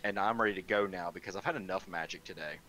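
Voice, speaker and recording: Guy playing tabletop, lowish voice but bright and sharp, dry. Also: fast, a little hiss or hum. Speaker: player. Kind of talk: casual chat at a tabletop game.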